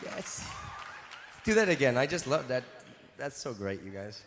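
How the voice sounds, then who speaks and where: A man's voice: mid-range voice, very animated, measured pace, a bit bright, some chatter behind, slight background noise. A male singer joking with his audience from the stage, teasing and mock-scolding them in a playful way. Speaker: singer performing live. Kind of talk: stage banter with a concert audience. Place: large concert venue with seated tiers. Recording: live concert hall reverb with music.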